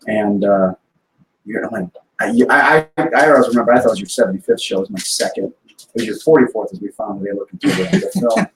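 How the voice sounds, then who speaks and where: A man's voice: lowish voice, very animated, fast talker, gravelly. Casual male guest, rambling and chatty, heard from far off in an echoey room. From Wisconsin. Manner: rambling storyteller, many restarts. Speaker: podcast guest. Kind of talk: casual chat. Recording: echoey remote call with faint noise.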